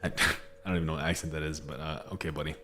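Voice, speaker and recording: This gameplay streamer talks fast in a sharp-toned bass voice with a level delivery. Chatty as he plays, he reads the in-game notes out loud and breaks into frequent laughs and restarts.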